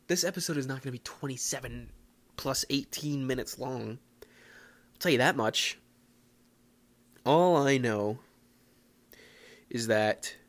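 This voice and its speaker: A young man from the Philadelphia area hosting a casual solo podcast, rambling and self-mocking with excitable bursts. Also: medium pitch. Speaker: podcast host.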